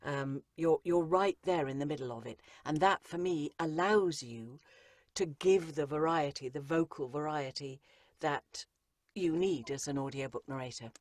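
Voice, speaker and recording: Low-voiced woman, emphatic coach. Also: normal speed, darkish tone, dry recording, studio quality. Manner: emphatic, repeats phrases for effect. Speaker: audiobook narrator and coach, guest. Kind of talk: interview conversation.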